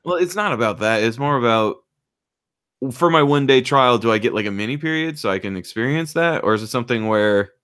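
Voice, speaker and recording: A man's voice: medium pitch, animated, fairly quick, a bit bright, clear, resonant tone, no echo, clean studio sound. A man co-hosting a podcast in casual chat, joking and playful. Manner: playful, jokey, hums nonsense syllables. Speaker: podcast co-host.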